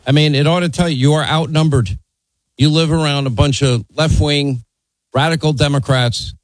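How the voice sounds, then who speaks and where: A man's voice: a little high, fairly even intonation, normal speed, dry recording, low-quality recording. A man hosting a talk radio show and taking calls, blunt, opinionated and teasing, from New York.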